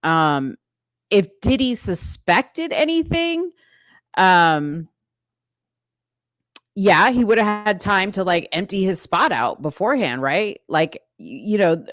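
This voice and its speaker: A woman with a medium-pitched voice hosts a livestream, reading news stories aloud and commenting to her live chat. She's chatty, speaks straight to her viewers, and uses lots of fillers. There's no room sound.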